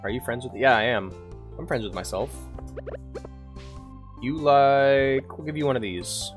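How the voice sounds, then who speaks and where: A man's voice: medium pitch, expressive, normal speed, long pauses, faint music behind. A man streaming a farming game, chatting casually, humming to himself, reading lines aloud and swearing freely. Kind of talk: casual gameplay commentary.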